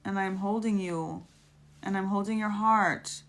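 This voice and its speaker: A woman's voice: medium pitch, steady tone, measured pace. Casual woman doing a live tarot stream. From United States. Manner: casual, affectionate, spiritual coaching, many restarts. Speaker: tarot reader.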